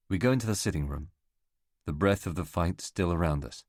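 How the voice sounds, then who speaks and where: A man narrating a novel as an audiobook reader, in a measured, even delivery. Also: deep voice, no echo, clean studio sound. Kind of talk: scripted narration.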